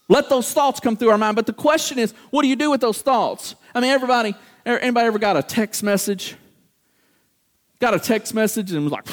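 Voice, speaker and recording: A man preaching a sermon to a congregation, acting out everyday voices and asking the room questions. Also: sits high. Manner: animated, acts out quoted voices, talks to congregation.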